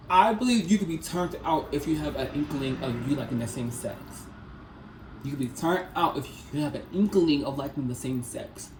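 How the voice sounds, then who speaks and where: A man's voice: on the high side, lively intonation, normal speed, darkish tone. A man in his twenties telling a personal story in a casual vlog, rambling and repeating himself with lots of fillers. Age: 20s. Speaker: vlogger. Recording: echoey room, faint background noise.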